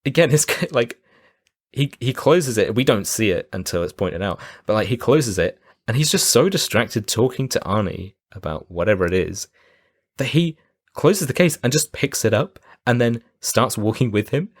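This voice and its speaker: A man co-hosting a casual film podcast, retelling scenes and jumping into quick voices for the characters. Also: mid-range voice, animated, no echo, clean studio sound. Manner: acts out film scenes with quick jumpy voices, laughs often. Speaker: podcast co-host. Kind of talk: casual film-review chat.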